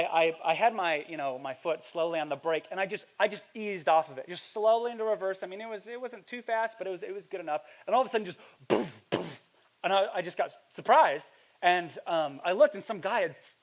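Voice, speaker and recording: A young male pastor with a noticeably high voice delivers a sermon. He tells a story casually, with slang and filler words. He builds into loud, animated preaching. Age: young adult.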